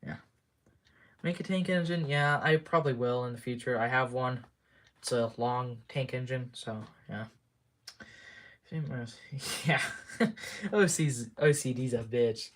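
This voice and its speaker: Slow, rambling young-sounding male streamer. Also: mid-range voice. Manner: rambling, halting, trails off with "so, yeah"; muttering to himself between hums. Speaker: livestreamer. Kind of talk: casual live-stream chat.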